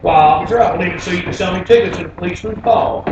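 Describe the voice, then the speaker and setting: A man voicing a quick-witted woman of sixty-five who gives cheeky, dry comebacks. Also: high voice, noisy background. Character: sassy 65-year-old grandmother, quick-witted. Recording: distant, roomy, dull live recording.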